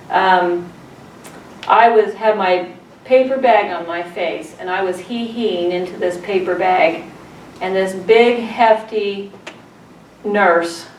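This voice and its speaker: A middle-aged woman teaching a childbirth class, telling stories and putting questions to her students. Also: mid-range voice. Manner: storytelling, asks the class questions. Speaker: childbirth educator. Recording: roomy, distant, faint room noise.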